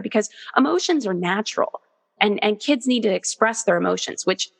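A woman in her thirties or forties, speaking as an interview guest in an earnest, animated way. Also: medium pitch, brisk, vocal fry, long reverb tail. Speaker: guest, author. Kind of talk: conversational interview.

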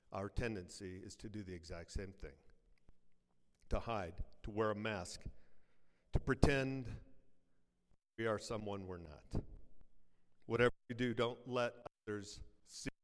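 A man with a slightly low voice preaches a sermon in a church sanctuary, pressing his listeners with rhetorical questions and light jokes. He sinks to a quiet hush on his heavier lines. A long reverb from the big hall trails every word. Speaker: pastor.

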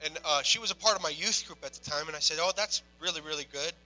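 A young man preaching a sermon, telling a personal story quietly, then building to loud, impassioned preaching. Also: on the high side, quick pace, soft background music, rough recording.

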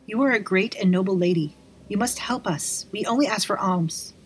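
A woman's voice: mid-range voice, moderate pace, a little hiss or hum, lightly acted. A woman voicing a humble, desperate female vampire nun who begs for help. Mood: humble begging. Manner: beseeching, pleading.

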